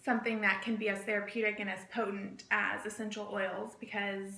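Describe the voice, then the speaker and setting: Woman co-teacher, bright forceful voice, easygoing and casual, echoey room. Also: mid-range voice, level tone, fairly quick, creaky. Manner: easygoing, agreeable, playful. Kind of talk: casual impromptu class.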